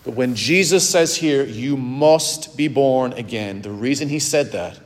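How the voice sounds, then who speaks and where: A man preaching a sermon with emphatic, dramatic swings between loud and soft. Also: mid-range voice, a little slow. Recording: long hall reverb.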